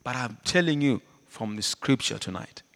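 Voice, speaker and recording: Animated preacher man in a reverberant hall. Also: medium pitch, moderate pace, gravelly. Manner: animated, swings from loud to hushed, laughs often. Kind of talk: sermon.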